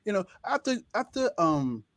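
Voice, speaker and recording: Passionate young Nigerian man, high voice. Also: very animated, moderate pace, fairly bright tone, dry recording, studio quality. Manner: passionate, emphatic, repeats words to drive points. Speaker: interview guest, medical student. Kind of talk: casual interview conversation.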